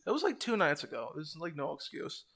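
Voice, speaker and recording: A young man with a gravelly, fry-laden voice pitched a little high, talking loosely on a podcast. He rants with animated, profane energy, moving quickly from one gripe to the next. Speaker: podcast co-host. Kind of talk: casual chat.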